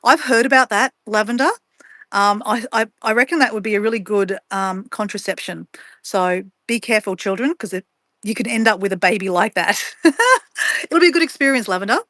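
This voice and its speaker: A woman's voice: mid-range voice, brisk, a bit bright, no echo. A woman, a travel vlogger chatting casually and playfully with livestream viewers while she packs. She laughs often and talks to herself as she goes. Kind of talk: casual livestream chat reading viewer comments.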